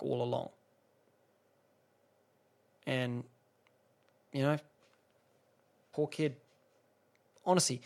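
Young aussie bloke on his podcast, rambly and sarcastic, swears a lot, medium pitch. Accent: Australian. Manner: rambling, sarcastic, swears freely, many restarts. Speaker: podcast host. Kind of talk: casual solo podcast rant.

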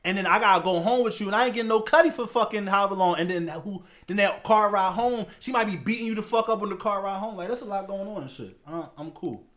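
Young male podcast co-host with a slightly high voice. Loose, profane, lots of restarts and laughter. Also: fast talker, few pauses, fairly bright tone. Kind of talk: casual podcast chat.

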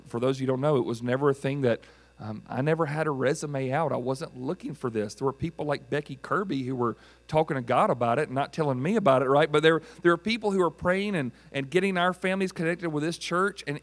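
A middle-aged man preaching a sermon as pastor, telling stories with animated delivery and acting out voices. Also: a little high. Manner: animated storytelling preacher, acts out quoted voices.

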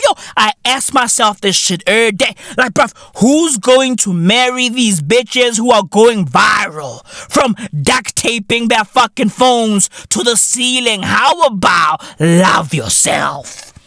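Loud ranting man in his thirties. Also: high-pitched, dry recording, clean studio sound. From South Africa. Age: 30s. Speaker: podcast host. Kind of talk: profane comedic rant.

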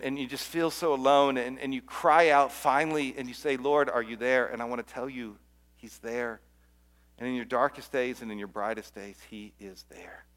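A man's voice: medium pitch, fairly bright tone. A middle-aged man preaching a Christmas sermon as a pastor, earnest, often repeating words and dropping to a near-whisper at key lines.

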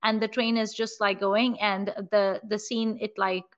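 A woman co-hosting a podcast, retelling a film scene in a casual, animated way full of "like" and "you know". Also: medium pitch, measured pace, highs cut off. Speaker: podcast co-host.

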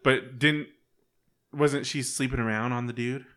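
A man hosting a casual podcast chat, laughing often and asking drawn-out questions. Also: mid-range voice, steady tone, pushed and bright. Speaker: podcast host.

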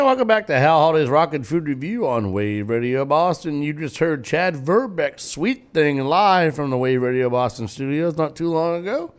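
A man hosting a local radio show from a studio mic, chatting casually and joking with laughter. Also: on the high side. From New England. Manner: jokey, animated, laughs often.

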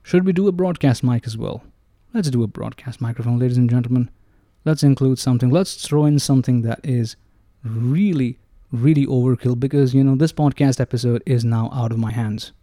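A man reviews microphones at close range in a playful, self-mocking way, often addressing his audience as ladies and gentlemen. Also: mid-range voice, fairly quick, dry recording. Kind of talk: casual gear review monologue. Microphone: close-up dynamic microphones, about three inches away.

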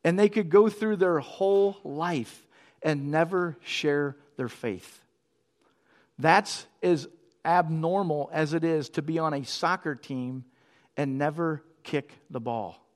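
A middle-aged man preaching a sermon with a slightly high voice. He talks to the congregation conversationally and drifts into quick storytelling asides. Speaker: pastor.

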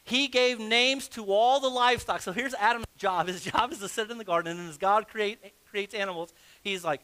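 A man's voice: sits high, fairly quick, pushed and bright. A man preaching a sermon as pastor, reading scripture aloud and acting out the story with humor. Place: church sanctuary.

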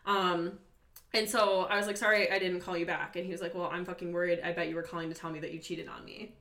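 A young woman telling a long story on a casual podcast, animated and profane, full of "like" fillers. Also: fairly low pitch, fast talker, reverberant. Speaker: podcast guest.

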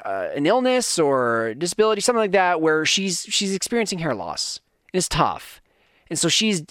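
Animated, rambling podcast host man. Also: on the high side, dry recording, clean studio sound. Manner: animated, rambling, self-deprecating, with frequent restarts. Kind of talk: casual storytelling rant on a live stream.

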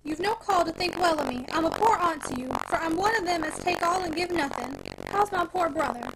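A woman's voice: very high voice, huge pitch swings, a little fast, heavily acted. A woman voicing a distraught, humble middle-aged farm wife and aunt who pleads tearfully. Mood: pleading, tearful. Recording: noisy home recording.

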